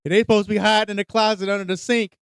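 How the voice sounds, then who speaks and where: Male podcast host, 30s, lively storyteller doing voices; smooth, fairly high, dry sound. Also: rapid-fire, no room sound. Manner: animated storyteller, acts out voices, laughs often. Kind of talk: casual storytelling chat.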